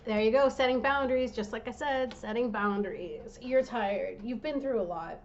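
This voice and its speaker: Woman tarot reader, fairly high voice, fired-up and direct, slightly muffled lo-fi audio. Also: normal speed, slight background noise. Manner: impassioned, direct, talking to the viewer. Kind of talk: tarot reading vlog.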